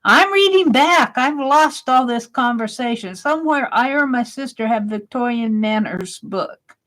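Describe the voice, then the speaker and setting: A woman's voice: on the high side, expressive, unhurried, a bit bright. A woman hosting a casual live stream, chatting and reading viewers' comments aloud, laughing often.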